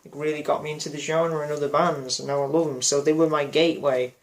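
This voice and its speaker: A man vlogging a loose personal reflection, his voice sitting a little higher than most men's. He rambles, circles back, and leans on fillers and restarts, apologising now and then for forgetting details. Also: flat delivery, fast talker. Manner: apologetic about memory slips. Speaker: music vlogger.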